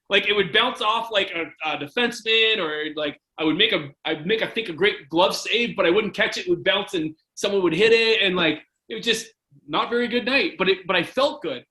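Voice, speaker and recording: A man from Canada, a former hockey goalie, casually telling animated stories as a podcast guest. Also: sits high, echoey room, low-quality recording. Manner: animated anecdote-telling, filler-heavy. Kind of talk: casual storytelling interview.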